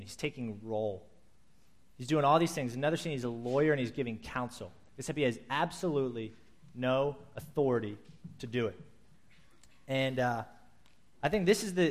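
A man, a pastor, preaching a sermon to his congregation in a conversational way, acting out quotes as he goes. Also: mid-range voice.

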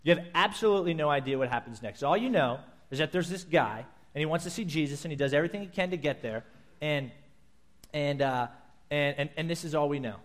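A man preaching a sermon, telling a scripture story in vivid, animated detail and acting out its scenes. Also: fairly high pitch, a little fast.

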